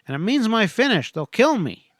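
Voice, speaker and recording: A determined young cowboy hero, read by a man in a western audiobook, talking firmly and urgently. The voice sits a little high. It is dry and close-miked, with no room sound. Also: big pitch swings, normal speed, no echo. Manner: urgent, firm. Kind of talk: audiobook character voice.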